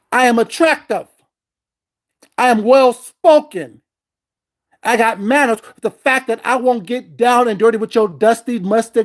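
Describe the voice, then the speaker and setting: Male vlogger, angry confrontational rant, heavy swearing, recorded at home. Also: extremely high pitch. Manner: heated, profane, confrontational. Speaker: vlogger host. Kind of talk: ranting vlog commentary.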